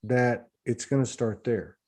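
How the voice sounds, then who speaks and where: A man's voice: mid-range voice, steady tone, unhurried, a little mellow. A man hosting a casual spiritual chat over a video call, rambling and often repeating words as he restarts his thoughts. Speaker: host.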